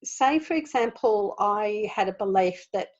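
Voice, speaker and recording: A woman leading an online group in an informal spiritual talk, earnest and animated, laughing often as she explains. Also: medium pitch, unhurried, highs cut off. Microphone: video call.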